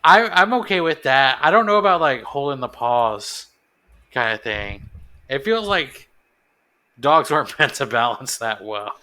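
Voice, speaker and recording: A man's voice: medium pitch, big pitch swings, unhurried, sharp tone. A man co-hosting a podcast, chatting casually and hesitantly, breaking into easy laughter. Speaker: podcast co-host. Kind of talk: casual chat.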